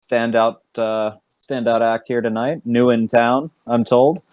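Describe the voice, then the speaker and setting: A man's voice: mid-range voice, steady tone, measured pace, darkish tone, dry recording, natural voice. A man voicing a folksy, big-bellied male half-orc emcee in a tabletop game, speaking with a drawl.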